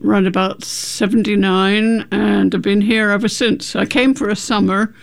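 Croaky older woman. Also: medium pitch, fairly even intonation, normal speed. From England. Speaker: guest author. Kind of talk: casual radio interview.

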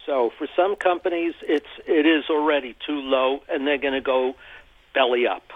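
A man's voice: mid-range voice, steady tone. Man talking on a tinny phone line. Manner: halting, repeats words while thinking. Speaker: interview guest, energy commentator. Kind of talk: phone-in radio interview.

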